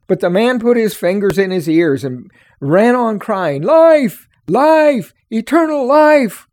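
A man narrating a storybook reading in expressive, old-fashioned phrasing. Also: on the high side, dry recording.

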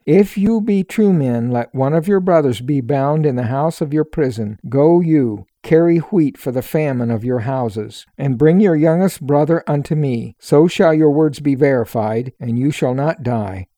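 A man voicing a stern, powerful male governor who speaks harshly to strangers, in a slow and measured way. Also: fairly high pitch, animated, mellow, no room sound, studio quality.

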